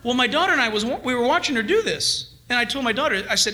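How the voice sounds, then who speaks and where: A middle-aged man preaching with lively, animated pitch that leaps up when he urges and drops low for quiet asides. His voice sits unusually high for a man. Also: fast. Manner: animated, swings between loud urging and hushed asides. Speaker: pastor. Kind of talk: sermon.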